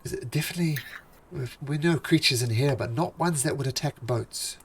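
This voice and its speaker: A man's voice: mid-range voice, a little hiss or hum, natural voice. A man playing a stammering, nervous half-elf naturalist. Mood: polite, curious. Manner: stammering, halting, polite.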